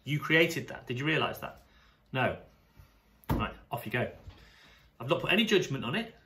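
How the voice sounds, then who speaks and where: A man with a British accent, a sports coach talking casually to camera in an animated, chatty way, often restarting his sentences. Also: medium pitch, normal speed, a little hiss or hum. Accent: British English. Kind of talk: casual vlog monologue to camera.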